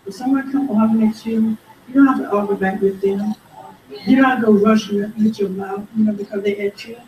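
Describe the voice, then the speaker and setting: A woman leading a Bible study, animated and calling for amens as she reads scripture. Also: mid-range voice, a little fast, dull audio, slight background noise. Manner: animated, calls for amen, reads scripture aloud. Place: church room. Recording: roomy, distant mic, faint background.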